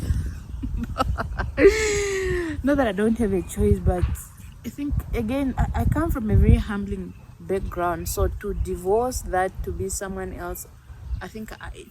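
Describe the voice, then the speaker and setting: A woman's voice: medium pitch, noisy background. A young woman from Namibia talking casually in a vlog, earnest and reflective, often laughing at herself. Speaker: YouTuber.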